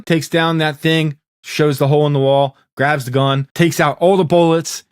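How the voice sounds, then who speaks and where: A man's voice: on the high side, steady tone, moderate pace, clear, resonant tone, dry recording, clean studio sound. A man hosting a casual TV recap, animatedly acting out dialogue and swearing freely. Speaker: recap host.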